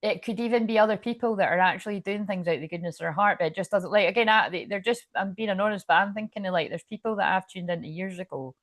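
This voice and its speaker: A woman's voice: medium pitch, fast, hardly any pauses, dry recording, studio quality. A woman, talking casually about spirituality in a rambling, frank way, swearing freely and full of fillers and restarts. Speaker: spiritual channel and tarot reader. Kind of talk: casual spiritual livestream talk.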